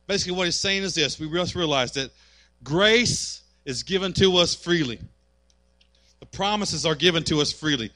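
A man's voice: on the high side, expressive, moderate pace, sharp tone, no echo. A man preaching a sermon as pastor, building fervor and acting out quotes.

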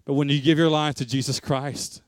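A man's voice: on the high side, little pitch movement, moderate pace, no room sound, studio quality. A male pastor giving an earnest sermon and altar call, pleading with listeners. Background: faint music.

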